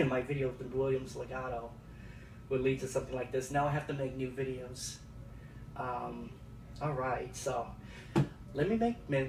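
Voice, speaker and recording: Excited man vlogging at home, halting and emotional, in an echoey space with traffic noise. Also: mid-range voice. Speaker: vlogger unboxing a piano. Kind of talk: casual home video vlog. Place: at home by the front door. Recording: echoey, distant, noisy with passing traffic.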